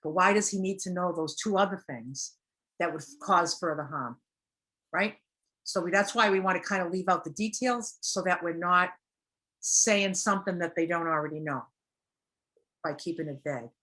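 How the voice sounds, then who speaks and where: Lady talking thru recovery amends, kinda low voice, earnest, chatty. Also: normal speed, bright, forceful tone. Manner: earnest, acts out example quotes. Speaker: recovery speaker. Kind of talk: casual teaching talk.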